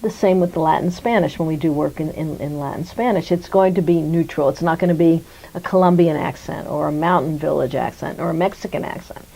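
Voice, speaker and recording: A woman's voice: low voice, fairly quick, vocal fry, dark tone, breathy edge, rough recording. A middle-aged American woman being interviewed, speaking thoughtfully with fillers and restarts. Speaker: interviewee, dubbing company executive. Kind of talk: conversational interview answers.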